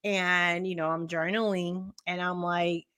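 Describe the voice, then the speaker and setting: A woman's voice: on the low side, flat delivery, measured pace, a bit bright, smooth. A woman co-hosting a casual morning talk show over a video call. She tells a long personal story, laughs often and acts out the other people in it. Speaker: co-host.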